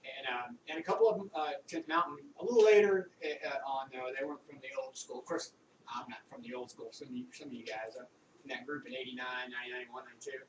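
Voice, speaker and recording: A middle-aged Army veteran rambling through old stories in a casual, profane monologue. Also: male voice, mid-range voice, fairly even intonation, fast. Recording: roomy, distant mic with faint background noise.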